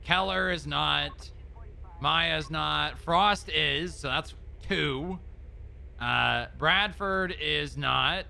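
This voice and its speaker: A man's voice: on the high side, extremely slow, vocal fry, bright, forceful tone. A man streaming in-character role-play chat, joking and swearing casually. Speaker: streamer playing an agent.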